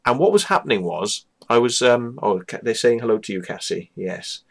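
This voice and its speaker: Male vlogger, animated and foul-mouthed, talking straight to camera at home. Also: mid-range voice, normal speed, vocal fry, husky. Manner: sweary, animated storytelling. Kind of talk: casual ranting monologue. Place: small room at home.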